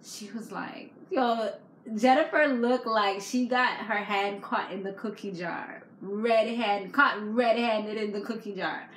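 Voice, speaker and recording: A woman's voice: mid-range voice, slow pace. A woman vlogger recapping a reality TV episode in a chatty, slangy way, laughing often. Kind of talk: casual chat. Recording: echoey room with faint background noise.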